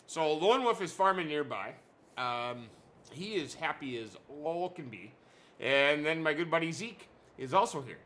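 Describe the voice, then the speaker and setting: A man with a bright, forceful voice hosts a casual let's-play video. He rambles and jokes, often stopping to correct himself partway through a sentence. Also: on the high side, lively intonation, measured pace. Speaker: gaming channel host.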